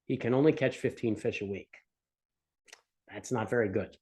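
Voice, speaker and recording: A man's voice: lowish voice, moderate pace, a little mellow. A man teaching economics in a recorded lecture, explaining with a casual, joking storytelling manner. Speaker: economics instructor.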